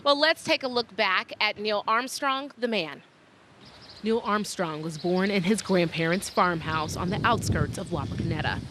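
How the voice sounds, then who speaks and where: Bright, upbeat woman host for a TV feature segment. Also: medium pitch, lively intonation, moderate pace, a little hiss or hum. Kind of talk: broadcast interview and feature narration.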